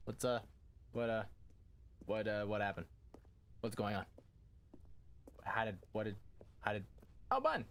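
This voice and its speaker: A young gaming YouTuber offers goofy, easily startled commentary during casual gameplay, talking back to the game. He has a lowish, smooth voice with little pitch movement, speaking a little slowly with long pauses.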